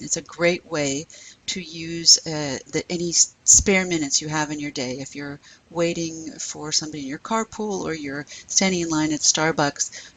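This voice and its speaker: A middle-aged woman with a somewhat low, husky voice teaches a recorded French lesson. She explains patiently and step by step. She says French phrases slowly so her students can copy them. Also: a bit bright, low-quality recording.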